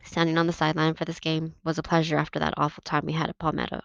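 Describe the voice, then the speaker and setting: A woman reading a novel aloud in a steady, plain narrating voice. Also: sits low, racing, gravelly, no room sound. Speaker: reader. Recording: dull, dry lo-fi recording.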